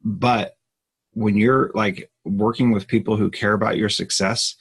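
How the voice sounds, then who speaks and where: A man with a husky, low voice speaks in a live Q&A. He talks earnestly and with emphasis, and he often restarts mid-sentence. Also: fairly even intonation, a little slow. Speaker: podcast host. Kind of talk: live Q&A conversation.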